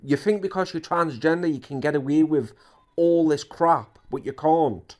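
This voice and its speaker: Indignant ranting man, slightly high voice. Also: moderate pace, a little mellow. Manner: indignant, repetitive, emphatic. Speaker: drama commentary YouTuber. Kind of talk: ranting commentary.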